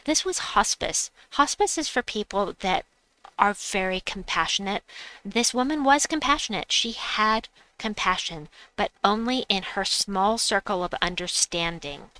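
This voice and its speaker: Bright, clear-voiced woman streamer. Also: mid-range voice, a little slow, no echo, low-quality recording. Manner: personal storytelling, reading chat aloud. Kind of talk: casual chat.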